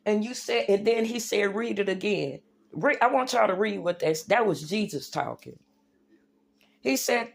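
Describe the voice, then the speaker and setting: A woman's voice: mid-range voice, lively intonation, a little slow, creaky, pauses often. Preachy, emphatic woman livestreamer. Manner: preachy and emphatic, addresses viewers as y'all and baby. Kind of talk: impassioned religious rant to viewers.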